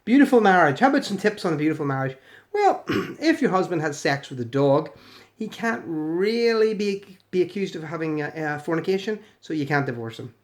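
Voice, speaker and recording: A man's voice: a little high, sing-song, brisk. Sarcastic British man reading comments. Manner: sarcastic, mocking, swearing, mock voices for quotes. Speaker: video commentator.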